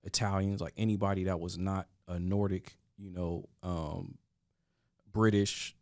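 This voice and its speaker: Low-voiced man in earnest podcast talk. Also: fairly even intonation, a little slow, darkish tone, dry recording, studio quality. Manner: earnest, with frequent restarts and stammers. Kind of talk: casual podcast discussion.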